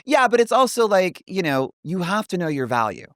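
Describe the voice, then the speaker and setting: A woman's voice: on the low side, normal speed, no echo, studio quality. A woman podcast co-host and former wrestler telling stories in casual, profane chat. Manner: profane, animated storytelling.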